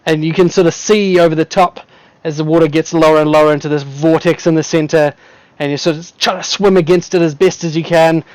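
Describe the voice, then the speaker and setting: A man's voice: on the high side, fairly even intonation, brisk, dry recording, low-quality recording. A man running a tabletop game as game master, narrating vividly and casually, often breaking into laughs.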